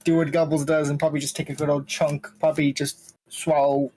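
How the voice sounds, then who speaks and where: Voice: medium pitch, little pitch movement, brisk, dark tone. A player at a tabletop game, describing a character's moves in a casual, playful way.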